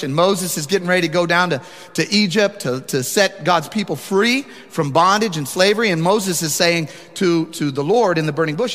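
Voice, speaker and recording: A man's voice: fairly high pitch, a bit bright. A man preaching a sermon, emphatic and talking directly to the congregation. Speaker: pastor. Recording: long hall reverb.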